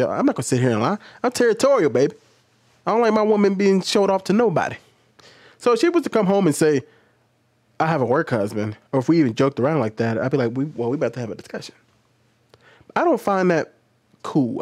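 A man's voice: mid-range voice, darkish tone, dry recording. A man hosting a casual commentary video, telling stories and talking straight to his viewers. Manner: chatty, storytelling, talks directly to viewers. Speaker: commentary host.

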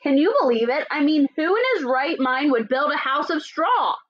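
A woman teacher voicing a sly, chatty male wolf as she reads a storybook aloud in a lively, playfully indignant way. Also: sits high, normal speed, pitched above the performer's own voice. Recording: dull lo-fi recording.

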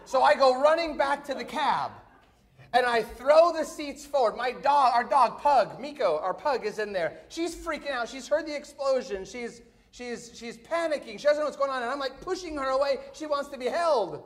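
High-voiced pastor telling a story. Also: male voice, moderate pace. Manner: animated storyteller, swings from hushed to excited. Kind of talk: storytelling sermon.

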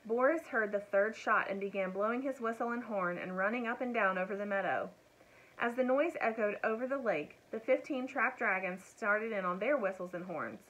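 A woman reading a children's storybook aloud in a gentle, friendly narrating voice. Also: medium pitch, moderate pace, low-quality recording. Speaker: children's book reader.

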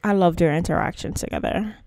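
A woman's voice: lowish voice, a little fast, a little mellow. A woman giving casual, chatty gameplay commentary to her channel's viewers, playful and slangy in her asides. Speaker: gaming channel host.

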